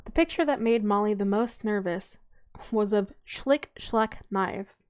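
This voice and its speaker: A woman's voice: medium pitch, unhurried, darkish tone, smooth. Young adult woman, reading a novel aloud, informal, frequent self-corrections.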